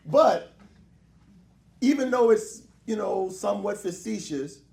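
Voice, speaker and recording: High gravelly preaching man. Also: expressive, slow, a little mellow, slight background noise. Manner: preacherly with joking asides and call-and-response. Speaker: minister. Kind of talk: sermon lecture. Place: hall with a live congregation. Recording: echoey hall.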